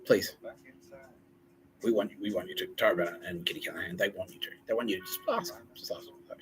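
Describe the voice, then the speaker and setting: A man's voice: sits low, quick pace, low-quality recording. A man hosting a comedy podcast, rambling through a jokey monologue and swearing heavily. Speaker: podcast host.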